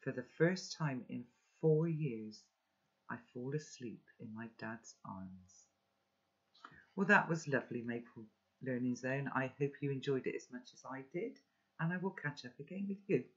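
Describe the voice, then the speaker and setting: A man reading a children's novel aloud, telling the story gently and expressively. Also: medium pitch, animated, normal speed. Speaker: children's book reader. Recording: dull, lo-fi recording.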